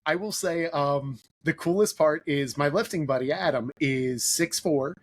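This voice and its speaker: Casual male podcast host, higher voice. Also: unhurried, slight background noise. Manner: casual, conversational, some fillers. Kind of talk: podcast interview.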